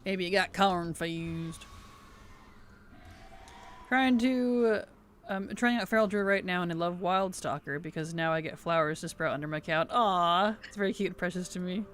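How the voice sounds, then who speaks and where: Playful high-voiced man streaming a game. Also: normal speed, slight background noise. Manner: playful, giggly, animated. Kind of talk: casual gaming stream chat.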